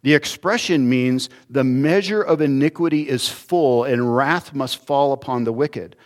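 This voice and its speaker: A pastor preaches a sermon conversationally, acting out small everyday dialogues. His voice is medium-pitched and a little slow.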